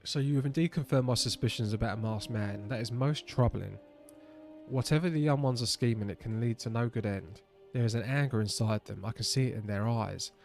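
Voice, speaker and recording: A man voicing a stern, weary male rebel elder in a measured, solemn reading. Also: mid-range voice, vocal fry, darkish tone, soft background music, lightly acted.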